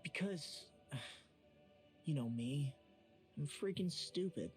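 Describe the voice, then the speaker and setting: A man's voice: on the high side, animated, very slow. An actor playing a brash young male fighter in a game, blunt and earnest but haunted by his past. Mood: troubled. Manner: bluntly earnest, turns quiet and hesitant. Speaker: game character. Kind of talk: game dialogue acting. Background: game music.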